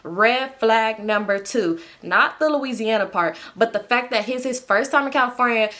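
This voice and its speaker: A woman's voice: fairly high pitch, normal speed. Young woman, storytime vlogger, slangy and swearing, talks straight to viewers. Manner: animated, slangy, swears freely, addresses viewers as y'all. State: sleepy. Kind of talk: casual storytelling to camera.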